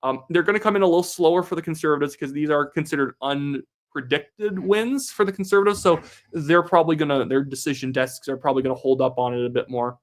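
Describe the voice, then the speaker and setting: A man's voice: fairly high pitch, fast talker. A young man from Canada hosting a casual live stream, chatting and reading out viewer comments. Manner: reads viewer comments aloud, chatty and upbeat. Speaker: livestream host.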